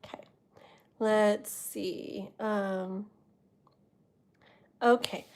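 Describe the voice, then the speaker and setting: A woman's voice: a little high, slow pace, long pauses. Chatty woman tarot streamer. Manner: chatty, rambling, lots of fillers, laughs often. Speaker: tarot reader hosting a live stream. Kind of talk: casual live-stream chat with viewers.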